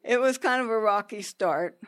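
A woman telling a personal story in an unhurried, halting way, with pauses and restarts. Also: on the high side, slight background noise.

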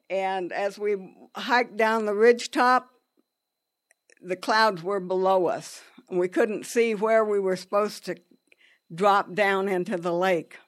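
Woman for a personal story: unhurried, deliberate, halting, restarts mid-sentence. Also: medium pitch.

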